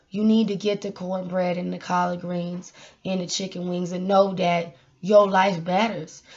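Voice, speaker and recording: A woman's voice: medium pitch, darkish tone. A woman in her twenties, joking through a mock prayer in a preacher's cadence and then giving a casual pep talk with repeated calls to the Lord. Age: 20s. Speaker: vlogger. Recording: dull lo-fi recording.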